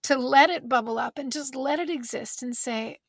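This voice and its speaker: A woman's voice: high voice, moderate pace, no echo. A woman author speaking as a guest, thoughtful and candid, searching for words and close to tears. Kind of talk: reflective conversation. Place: bedroom closet.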